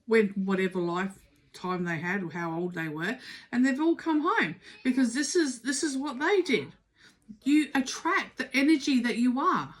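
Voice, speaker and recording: A middle-aged woman talks through a tarot reading in a loose, conversational way. She is emphatic and urging, circling back and repeating phrases to drive each point home, in a voice that sits somewhat high for a woman. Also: expressive, normal speed. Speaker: tarot reader. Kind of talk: casual spoken tarot reading.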